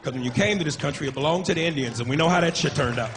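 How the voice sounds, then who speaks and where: A man doing a stand-up comedy set, brash and profane, telling animated stories on a club stage. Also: fairly high pitch, rapid-fire. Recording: live club with loud crowd and noise.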